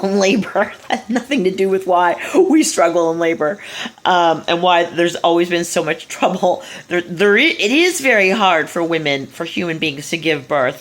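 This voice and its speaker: A woman's voice: fairly low pitch, a bit bright. A woman retelling a story in a casual monologue, blunt, profane and scornful, with loose asides and restarts. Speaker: speaker giving a talk.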